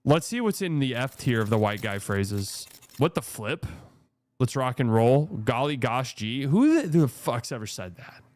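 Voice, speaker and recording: A man's voice: medium pitch, very animated, moderate pace, a little mellow. A young man hosting a live stream watch party, chatting and joking casually with viewers.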